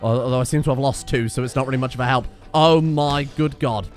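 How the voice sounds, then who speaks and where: A young man giving casual let's-play commentary, excitable, swearing and shouting at his teammates. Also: mid-range voice, fast talker, soft background music. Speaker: gaming video host.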